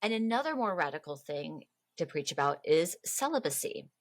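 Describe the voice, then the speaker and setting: A woman with a low voice hosts a casual history podcast. She tells the story in a chatty, animated way and slips into playful quoted voices. The sound is dry and close. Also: normal speed, no room sound. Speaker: podcast host.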